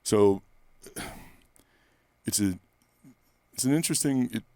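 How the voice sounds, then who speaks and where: A male personal trainer in a candid interview, talking bluntly and profanely and rambling through stories, close to the microphone in a quiet room. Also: lowish voice, animated, slow pace, dry recording.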